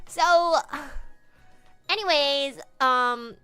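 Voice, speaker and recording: A woman's voice: high-pitched, lively intonation, brisk, a bit bright, faint music behind. A young woman streamer telling a silly story in a bubbly, exaggerated way. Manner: bubbly, exaggerated, lots of "oh my God". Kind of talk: casual storytelling.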